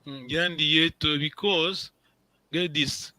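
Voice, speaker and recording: A man leads a language lesson in a bright, slightly high voice, recorded dry and close. He is patient and encouraging, repeating each word and checking in with his students as he goes. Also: unhurried, no echo, rough recording. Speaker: language teacher. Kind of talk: online language class.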